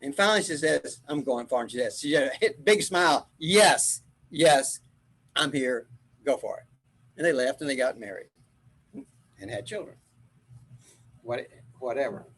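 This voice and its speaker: A man's voice: medium pitch, expressive, normal speed, gravelly, long pauses, a bit bright, slightly rough, rough recording. An older man, a spiritual teacher, telling a rambling story in casual group chat, laughing often.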